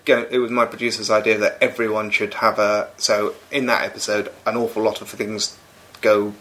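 A man's voice: on the low side, level tone, moderate pace, sharp tone, rough recording. A middle-aged man, a comedy writer, talking thoughtfully and analytically in an interview, laughing often. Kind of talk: conversational interview.

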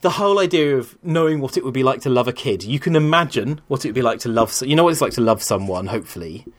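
A man in his thirties talks in a loose, rambling way, circling back on his own thoughts as he tells a long personal story. His voice sits at an ordinary middle pitch. He sounds candid and unguarded, the kind of talker who admits when he is going off on a tangent. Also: expressive, quick pace. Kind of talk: casual conversation.

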